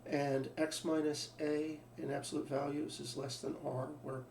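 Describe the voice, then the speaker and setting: Gravelly-voiced man lecturing in a roomy space. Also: fairly high pitch, level tone, moderate pace, darkish tone. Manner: thinking aloud, restarts, asks rhetorical questions. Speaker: math teacher. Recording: roomy sound from a distant mic, faint background hum.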